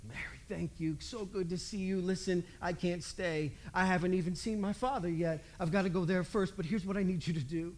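A preacher voicing a calm, gentle male teacher who speaks in a lowered, matter-of-fact tone within a retold story. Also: a little slow, pauses often, close to an everyday voice.

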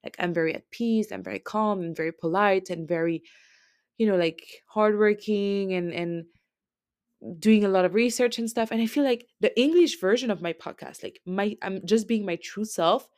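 A woman's voice: mid-range voice, normal speed, a little mellow, dry recording, studio quality. A woman podcast host with a French accent, rambling through a casual recap full of filler words. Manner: rambling, chatty, heavy use of filler words.

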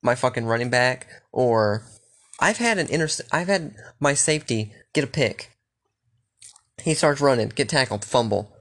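A man's voice: mid-range voice, animated, normal speed, fairly bright tone. Rambling, profane young man. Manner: loose, profane, rambling with restarts. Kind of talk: casual rambling chat.

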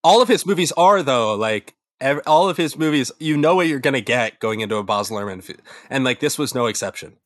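A man's voice: medium pitch, animated, fairly quick, few pauses, a bit bright, dry recording, studio quality. A young man co-hosting a casual film podcast, rambling and correcting himself as he talks. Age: young adult. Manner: rambling, self-correcting, laughs easily. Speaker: podcast co-host. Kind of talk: casual film review chat.

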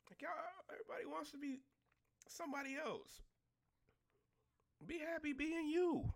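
High, gravelly-voiced man ranting. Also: steady tone, moderate pace. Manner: blunt, exasperated, heavy swearing. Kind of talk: profane casual rant.

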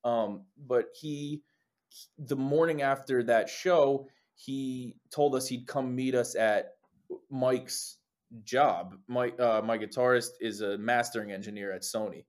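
Animated young man telling band stories. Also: mid-range voice, slow pace. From New Jersey. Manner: animated storyteller, swears a lot, acts out quotes. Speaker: lead singer, guest. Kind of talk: casual interview chat.

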